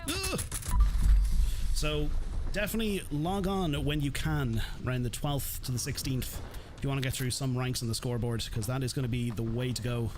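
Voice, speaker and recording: A man's voice: mid-range voice, brisk, noisy background. A man streaming live gameplay, chatting in a friendly way and greeting his chat by name.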